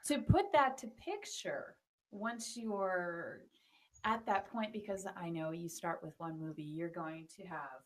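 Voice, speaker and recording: A woman's voice: lowish voice, a little slow, rough recording. A woman hosting a casual interview, speaking in an eager, encouraging way. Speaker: show host.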